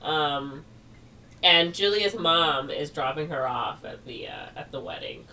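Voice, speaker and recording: A woman's voice: deep voice, expressive, measured pace, bright, forceful tone. A woman co-hosting a podcast who loosely retells a movie plot in a rambling way, with lots of "like" and laughs. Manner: rambling, filler-heavy with frequent "like" and laughs. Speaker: podcast co-host. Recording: distant mic with faint noise.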